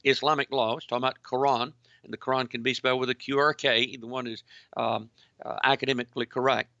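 A man hosting a call-in radio show, delivering a preachy, emphatic monologue that keeps returning to "ladies and gentlemen". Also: mid-range voice, level tone, fast, creaky, dry recording, muffled recording. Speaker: radio talk show host.

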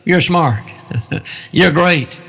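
Satan, a sly flattering tempter, as a preacher quotes him. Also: male voice, on the high side, extremely slow, gravelly, slightly rough, big-room sound, full character voice.

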